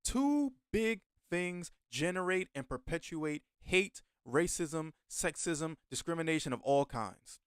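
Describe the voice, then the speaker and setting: Male streamer, blunt drawling reactions, clear voice, dry sound. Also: fairly high pitch, lively intonation, slow pace, few pauses, no echo. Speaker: host reacting to a video. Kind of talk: casual reaction commentary.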